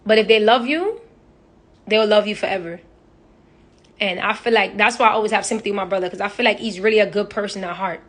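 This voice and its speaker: A woman's voice: medium pitch, fast talker, fairly bright tone. A young woman chatting casually and animatedly on a phone live stream, telling profane stories and imitating other people. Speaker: social media personality.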